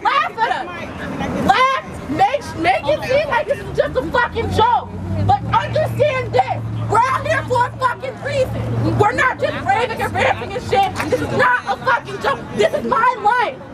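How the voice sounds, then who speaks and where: A woman's voice: extremely high pitch, animated, a little slow. A woman, giving an angry, profane speech into a mic at an outdoor street protest. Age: 20s. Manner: furious, profane, shouting. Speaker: protest speaker. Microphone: handheld mic at a rally. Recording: distant, noisy crowd and traffic.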